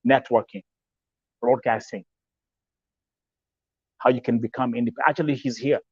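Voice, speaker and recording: A man's voice: medium pitch, fairly quick, darkish tone, breathy edge, dry recording. Man, Kenyan English accent, livestream talk host, emphatic, repetitive, dull dry audio. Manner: emphatic, repeats himself, switches to Swahili phrases. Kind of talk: live-stream talk show, reading viewer comments.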